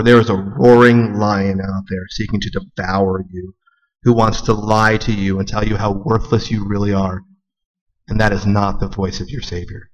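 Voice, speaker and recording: A young adult man preaching a sermon, swinging between hushed and loud, high-pitched moments. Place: large church hall. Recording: long hall reverb.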